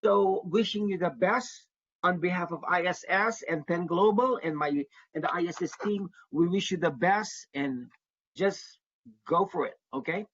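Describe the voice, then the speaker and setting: A man leads an online workshop as an advisor to international students. He sounds earnest and says his main points twice to drive them home. His voice is a little husky, and the call audio is dull and lo-fi. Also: high voice, normal speed, a bit bright. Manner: earnest, repeats key advice for emphasis. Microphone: video call.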